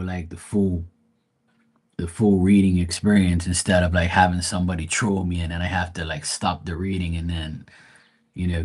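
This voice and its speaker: A man's voice: sits low, a little mellow, husky. A man hosting a tarot livestream, rambling in casual, profane chat with his viewers. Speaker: tarot reader livestream host.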